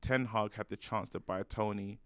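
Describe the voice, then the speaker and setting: A man's voice: on the low side, steady tone, normal speed, fairly bright tone, no room sound, studio quality. A man co-hosting a football fan show, reading viewer comments in a jokey, stumbling way with many fillers. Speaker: fan channel co-host.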